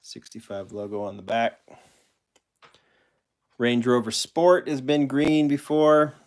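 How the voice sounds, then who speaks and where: A man's voice: medium pitch, fairly even intonation, slow pace. A man hosting a casual live stream, rambling and correcting himself as he answers chat questions and shows toy cars. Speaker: host of a live collector stream.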